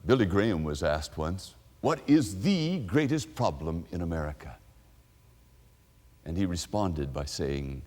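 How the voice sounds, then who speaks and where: Pastor, male, low voice, lively storytelling sermon delivery, long church reverb. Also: a little slow. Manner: expressive storytelling, acts out quoted people.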